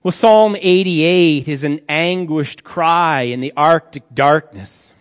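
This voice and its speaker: Male preacher, slightly high voice, unhurried and grave, sermon in a reverberant church hall. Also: clear, resonant tone. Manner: slow, solemn reading with dramatic drops to near-quiet.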